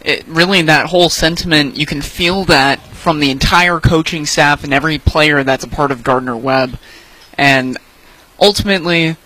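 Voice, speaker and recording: A man's voice: fairly high pitch, normal speed, pushed and bright, poor audio. A man working as a sideline reporter, telling his view of the game casually while searching for words. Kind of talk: postgame sports report.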